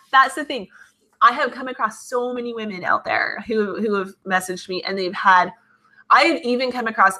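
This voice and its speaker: Bright-voiced giggly woman chatting live. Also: mid-range voice. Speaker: livestream host reading chat. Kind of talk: casual live chat.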